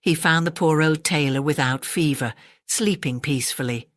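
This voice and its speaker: A woman with an English accent reading a classic children's story aloud, gentle and expressive. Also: low voice, normal speed, no echo. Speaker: audiobook narrator.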